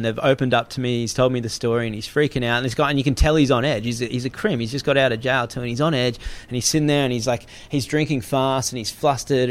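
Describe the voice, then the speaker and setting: A young Australian man telling a story in casual chat, animated, swearing freely and acting out the people in it. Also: mid-range voice.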